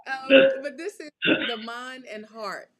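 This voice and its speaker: A woman hosts a live tarot reading in a high voice. She speaks slowly and chats loosely with her listeners, laughing often and tagging her points with a friendly "okay?". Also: over music. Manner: chatty, laughing, keeps checking in with "okay?". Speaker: tarot reader and show host.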